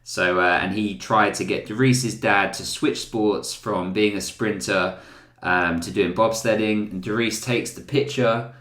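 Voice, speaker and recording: Excitable, jokey male host in a roomy space. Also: on the low side, unhurried. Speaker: podcast host. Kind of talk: casual chat.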